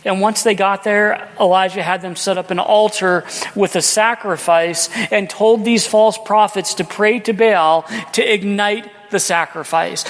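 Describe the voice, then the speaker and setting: A man with a high voice preaches a sermon and tells the story dramatically, acting out the lines of its characters. His words ring out with a long reverb, as if in a large church. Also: steady tone, a little slow. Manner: dramatic storytelling, acting out quotes, rhetorical questions. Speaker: pastor.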